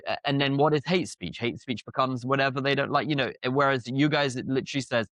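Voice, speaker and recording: A man's voice: medium pitch, quick pace, few pauses, a bit bright, no echo. A British man speaking as a podcast guest, blunt and chatty with lots of filler words. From Britain. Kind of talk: casual conversational interview.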